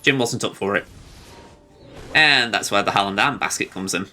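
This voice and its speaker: A man's voice: lowish voice, moderate pace, pushed and bright, soft background music. A man streaming a video game, chatting casually about his moves and poking fun at himself. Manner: rambling, self-deprecating, chuckling. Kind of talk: casual gameplay commentary.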